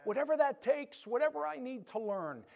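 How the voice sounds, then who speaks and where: Male pastor, high-pitched, animated conversational sermon delivery, loud-to-soft dynamics. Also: moderate pace, creaky. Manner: animated preaching, swinging between loud emphasis and soft hush.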